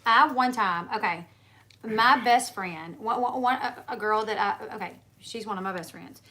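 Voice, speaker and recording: Woman, livestream host, casual chat, rambling storyteller, bright tone, middle pitch. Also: moderate pace. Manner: rambling, chatty storytelling with many fillers.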